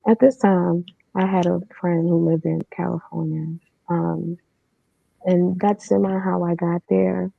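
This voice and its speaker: Gravelly low-voiced woman telling her story. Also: level tone, a little slow, no room sound. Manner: candid, matter-of-fact recounting with casual fillers. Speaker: podcast guest. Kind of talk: personal storytelling. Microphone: remote streaming setup. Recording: dull lo-fi online stream.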